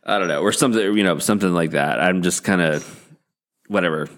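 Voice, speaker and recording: A man hosting a comedy podcast, talking in a halting, deadpan way with many fillers and restarts. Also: low voice. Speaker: podcast host. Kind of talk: rambling comic podcast talk.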